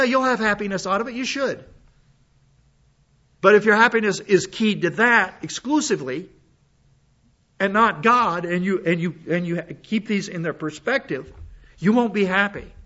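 A man's voice: high voice, a bit bright. A man preaching a sermon in a folksy, conversational way, full of asides, while he is sick with a cough. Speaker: pastor. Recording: dull lo-fi sound.

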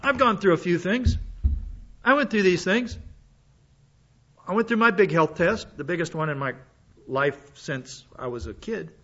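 A man delivers a sermon in a high, bright voice. His manner is folksy and conversational, with plenty of asides, and he is sick with a cough. The recording sounds dull and lo-fi. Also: unhurried, pauses often. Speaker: pastor.

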